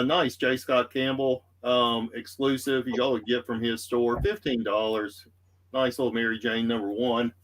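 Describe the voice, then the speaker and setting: A man's voice: mid-range voice, a bit bright. Laid-back Southern man selling comics. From Texas. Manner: easygoing, rambling with many fillers. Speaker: comic book seller hosting a live auction. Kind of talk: live-stream sales patter.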